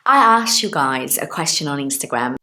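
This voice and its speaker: A woman in her thirties teaching English in a relaxed, chatty way. Her fairly low voice moves up and down a lot as she explains words with everyday examples and keeps asking her viewers if they follow. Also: moderate pace. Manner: chatty, explains with examples, asks listeners questions. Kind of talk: casual online English lesson.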